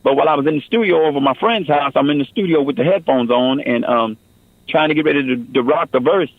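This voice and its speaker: A man's voice: fairly high pitch, fast talker, no room sound, narrow, tinny audio. A man giving an earnest personal testimony in a radio interview, often saying "man" and "you know".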